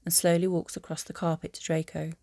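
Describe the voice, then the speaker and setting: Woman with a low mellow reading voice. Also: level tone, a little fast, no echo, studio quality. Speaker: narrator. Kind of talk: fan audiobook narration.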